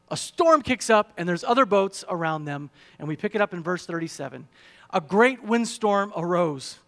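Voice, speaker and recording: High-voiced preaching man. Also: a bit bright. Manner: preaching with rising emphasis and rhetorical questions. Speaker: pastor. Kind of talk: sermon.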